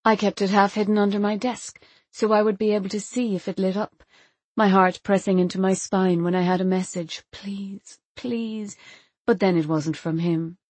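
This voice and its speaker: A woman reading a first-person story aloud in a quiet, intimate, measured way. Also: medium pitch, level tone, no room sound. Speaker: audiobook narrator. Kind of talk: first-person literary narration.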